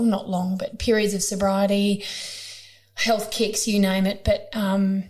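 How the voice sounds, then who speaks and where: A woman's voice: medium pitch, a little mellow. A woman with an Australian accent, a podcast guest telling her personal story in a frank, emotional, conversational way, with some blunt swearing.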